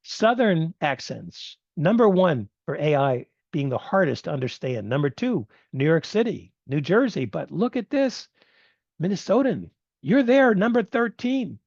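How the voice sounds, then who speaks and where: A man's voice: a little high, sing-song, a little slow, creaky, a little mellow, dry recording. Guy presenting on a video call, chatty, dry dull audio. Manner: conversational, with fillers. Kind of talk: online presentation.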